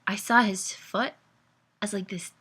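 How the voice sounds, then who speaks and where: A woman's voice: medium pitch, steady tone, measured pace, fairly bright tone, slightly rough. A woman voicing a blunt, brusque teenage boy in a storybook reading, talking curtly and snappishly. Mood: urgent. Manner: curt and snappish.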